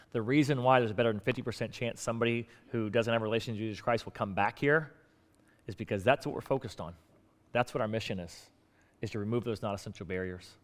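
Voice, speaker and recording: A man's voice: mid-range voice, fairly bright tone. A male pastor preaching a sermon in a conversational way, acting out bits of dialogue. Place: church sanctuary. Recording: long hall reverb.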